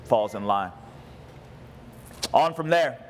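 A pastor preaching a conversational sermon with emphatic, humorous delivery. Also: male voice, medium pitch, animated, slow, slight background noise.

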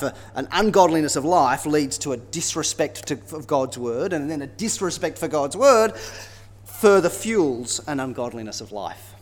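Preaching man in an echoing hall. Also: a little high. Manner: expressive, conversational, with rhetorical tag questions. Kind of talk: sermon. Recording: long reverb of a large hall.

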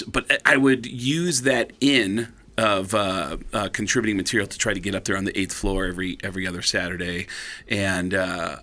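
A man who is a stand-up comedian, telling stories in an animated, casual way as a guest. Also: sits low. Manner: animated, quick shifts into voices. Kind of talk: casual storytelling chat.

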